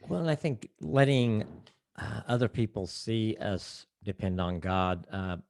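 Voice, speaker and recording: An older man's deep, low voice carries a relaxed, earnest podcast conversation. He reflects aloud and restarts his sentences as he goes. The sound is dry and close, with no room behind it. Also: measured pace, creaky, dry recording. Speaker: marriage counselor guest. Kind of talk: casual podcast interview.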